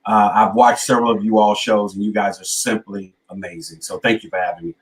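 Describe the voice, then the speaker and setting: A man's voice: fairly low pitch, steady tone, fairly quick, crowd noise, rough recording. A middle-aged man telling his life story as a guest on a talk show, with an earnest, motivational cadence. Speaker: guest speaker and author.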